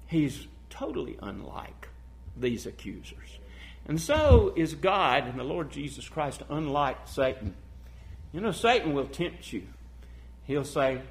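A male preacher delivering a sermon, asking the listeners questions and swinging from loud, emphatic declarations to hushed, intimate passages. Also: fairly high pitch, sing-song, slow pace, vocal fry. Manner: asks the congregation rhetorical questions.

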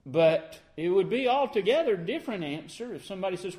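A man's voice: high voice, expressive, brisk, darkish tone. A man, preaching as pastor and explaining scripture line by line in an earnest, plainspoken way. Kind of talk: sermon.

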